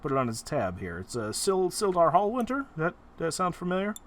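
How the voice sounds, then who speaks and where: A man's voice: high-pitched, huge pitch swings, fairly quick, pitched above the performer's own voice. A man doing a rambling folksy innkeeper. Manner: rambling with many fillers. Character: male innkeeper, chatty and folksy.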